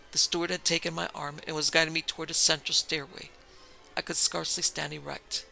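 A man reading a horror story aloud as narrator, in a measured, tense storytelling manner. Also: fairly high pitch, flat delivery, gravelly, pushed and bright, faint music behind, poor audio. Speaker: narrator and producer.

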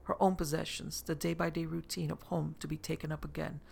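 A narrator reading a novel aloud in an even, measured storytelling manner. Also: mid-range voice, gravelly, slightly rough. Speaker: audiobook narrator.

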